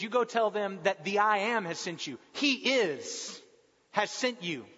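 High-voiced man preaching a sermon. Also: sharp tone. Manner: earnest, emphatic, with long pauses. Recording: dull recording with long hall reverb.

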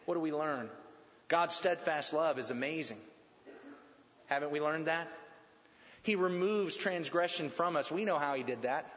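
High-voiced preacher in an echoey hall. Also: male voice. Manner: animated, emphatic, slows down for emphasis and repeats points. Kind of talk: sermon. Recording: dull sound with long hall reverb.

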